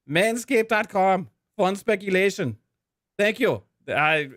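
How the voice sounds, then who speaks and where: A man's voice: sits high, a bit bright, dry recording, studio quality, pitched above the performer's own voice. A man putting on an exaggerated, hammy Irish accent to read a sponsor spot on a podcast. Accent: put-on Irish. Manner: hammy, self-mocking.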